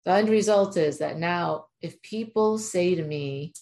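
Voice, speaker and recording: Low-voiced woman telling a story emphatically. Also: unhurried, few pauses, darkish tone. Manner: emphatic, chatty, lots of "like". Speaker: animal communicator. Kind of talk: casual storytelling monologue.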